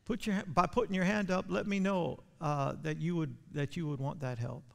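A male pastor preaching a sermon, repeating his words and building to loud, fervent passages. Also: on the high side, fairly even intonation, a little fast, creaky. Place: church sanctuary. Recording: long church hall reverb.

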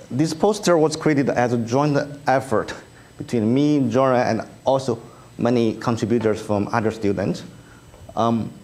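A man with a Chinese accent, whose first language is Chinese, giving a conference talk with slides in a halting way, full of ums and uhs and light self-deprecating humor. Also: mid-range voice, darkish tone. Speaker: speaker at an engineering research review. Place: conference room.

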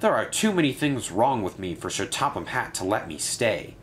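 A man voicing a meek, self-doubting male battery shunting engine who speaks quietly. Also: on the low side, very animated, moderate pace, a little hiss or hum. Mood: modest. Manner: quiet, modest. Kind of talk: storybook narration.

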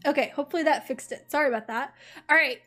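Bubbly high-voiced woman streamer. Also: a little fast, a bit bright, soft background music. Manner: bubbly, giggly, chatty, reads game text aloud. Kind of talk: casual let's-play chat with chat.

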